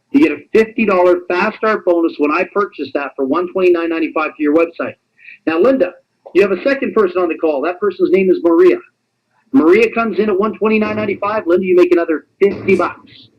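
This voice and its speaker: A man presenting a sales pitch on a webinar, in an animated, teasing, repetitive salesman patter. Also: lo-fi sound.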